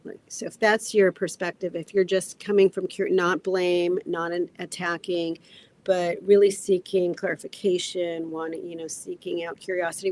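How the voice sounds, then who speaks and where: Gentle, low-voiced woman therapist. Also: level tone. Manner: gentle, reflective, measured. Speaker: marriage and family therapist guest. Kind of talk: conversational advice.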